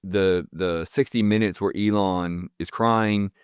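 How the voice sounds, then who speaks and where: Male podcast host, emphatic and profane, low smooth voice, dry close mic. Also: fairly even intonation, slow, dry recording. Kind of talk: casual podcast conversation.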